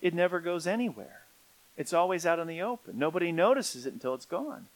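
A middle-aged man preaching a sermon, swinging from quiet, low stretches up to emphatic peaks. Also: animated, a little fast, low-quality recording. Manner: rising to emphatic peaks, then dropping quiet. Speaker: pastor.

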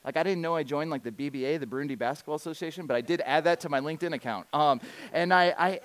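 Male preacher, slightly high voice, storytelling sermon, animated and humorous, dry close sound. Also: quick pace, dry recording. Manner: animated, humorous, with many restarts. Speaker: speaker at a church gathering.

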